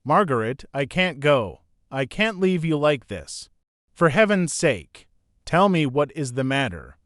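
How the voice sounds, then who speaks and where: A man's voice: a little high, very animated, unhurried, fairly bright tone, no room sound, studio quality. Urgent anxious young man, read by a narrator. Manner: urgent, imploring. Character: anxious young man devoted to his love. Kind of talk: audiobook character reading.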